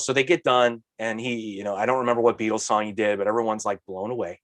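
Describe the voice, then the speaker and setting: A man in casual podcast chat, his voice set at a middling pitch and recorded dry and close. He talks in an animated, ranting way, full of exasperated asides. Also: fast, hardly any pauses, no echo. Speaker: podcast co-host.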